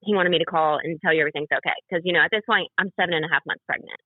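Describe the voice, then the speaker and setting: A young woman with a deep voice talks rapid-fire as a podcast guest, rambling through a personal story with fillers and impressions of what others said. It's a casual interview on a dry, tinny, phone-like recording.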